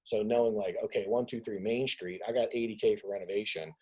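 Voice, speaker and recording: A man hosting a business group call on a video call, talking casually in an animated rant. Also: on the low side, fast, slightly rough, poor audio. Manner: animated ranting, acts out others' voices. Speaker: host of a business mastermind call.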